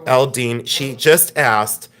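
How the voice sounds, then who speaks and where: A man hosting a live jewelry sale stream, chatting excitedly, joking and laughing with viewers. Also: mid-range voice, slow. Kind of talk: casual live-stream sales chat.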